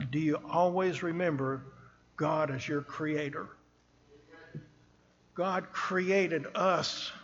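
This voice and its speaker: Slow, earnest male preacher in a reverberant church. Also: fairly high pitch, dull audio, slight background noise. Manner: earnest, slow and emphatic, rising on scripture. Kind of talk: sermon. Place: church sanctuary at a pulpit.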